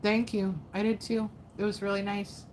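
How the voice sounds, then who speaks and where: A woman's voice: medium pitch, little pitch movement, normal speed, darkish tone, slight background noise. A woman doing a casual livestream tarot reading, chatty and given to laughing, her voice tired after hours of talking and reading to her chat. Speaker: tarot reader.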